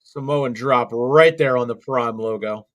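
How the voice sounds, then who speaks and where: A man's voice: mid-range voice, unhurried, a bit bright. A young man co-hosting a wrestling watch-along stream, rambling through live commentary with many fillers and restarts.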